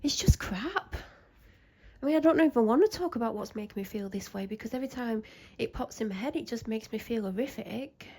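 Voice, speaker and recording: A young woman talks in a loose, anxious ramble, breaking off her own sentences and circling back. Her voice has a gravelly fry to it and a dark, mellow tone. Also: on the high side, lively intonation, brisk. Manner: anxious, self-interrupting, rambling. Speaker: vlogger. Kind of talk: casual rambling chat.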